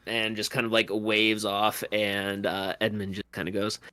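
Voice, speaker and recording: A man narrating a tabletop game as game master, with many pauses and fillers. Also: on the low side, steady tone, sharp tone, no room sound. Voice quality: slow, filler-laden narration.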